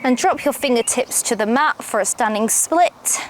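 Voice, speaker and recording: A young adult woman teaching a yoga class outdoors, giving calm step-by-step cues. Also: a little high, moderate pace, slight background noise. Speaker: yoga instructor. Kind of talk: guided yoga class instruction. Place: outdoors, birds audible. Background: faint outdoor ambience with birdsong.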